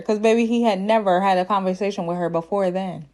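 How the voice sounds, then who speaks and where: A woman's voice: medium pitch, fairly even intonation, quick pace, few pauses, a little mellow. A woman hosting a casual reality TV recap, sassy and chatty, laughing at her own jokes and quoting people in put-on voices. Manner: quotes cast members in put-on voices.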